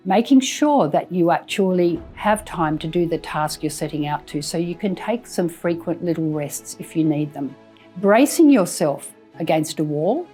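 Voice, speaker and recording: Health educator, woman, measured delivery, lowish voice, faint music under. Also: warm tone, husky. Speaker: health professional. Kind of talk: instructional health narration.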